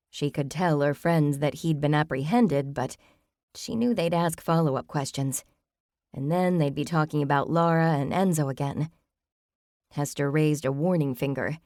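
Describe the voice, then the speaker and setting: A woman with a low voice narrates an audiobook in a measured, even storytelling manner. The recording is close and dry, with no room sound. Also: no room sound. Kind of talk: scripted narration.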